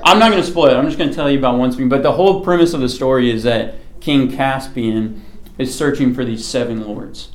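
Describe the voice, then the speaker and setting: A man's voice: mid-range voice, a little fast. A man giving a casual sermon to a small group, chatty and often checking in with the listeners. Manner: chatty, keeps checking in with "okay?".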